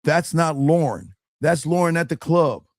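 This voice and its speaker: Man, advice show host, brash, crude, mocking, emphatic, high-ish voice, dry close sound. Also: a little slow, no room sound.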